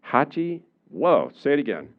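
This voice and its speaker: A man giving a public lecture in a relaxed, conversational way, with many fillers, often acting out the voices of the people he quotes. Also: on the low side, brisk, narrow, tinny audio. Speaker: university lecturer. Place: lecture room.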